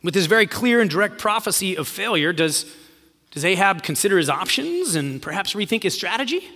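A male preacher with a high, bright voice delivers a sermon and retells the story, voicing its quotes in an easy conversational way. His voice carries a long reverb from a church hall. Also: big pitch swings, fairly quick. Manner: storytelling, acts out quoted lines in a casual voice.

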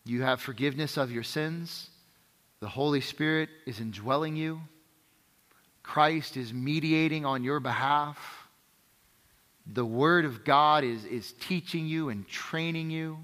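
A man's voice: a little high, unhurried, a bit bright. A man preaching a sermon in a conversational way, often checking in with "right?" and driving points home through repetition. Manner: emphatic repetition. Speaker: pastor. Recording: reverberant hall.

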